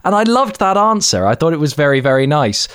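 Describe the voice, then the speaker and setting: A man's voice: a little high, very animated, brisk, fairly bright tone, clean tone. A man hosting a podcast, interviewing his guest in a playful, effusive way with gushing reactions. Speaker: podcast host. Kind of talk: casual interview chat.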